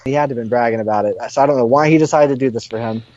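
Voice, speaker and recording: A man's voice: medium pitch, racing, a little mellow, no room sound. Man recounting a story, lo-fi. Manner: explains events step by step. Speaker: podcast guest. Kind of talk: casual storytelling chat. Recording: dull lo-fi dry sound.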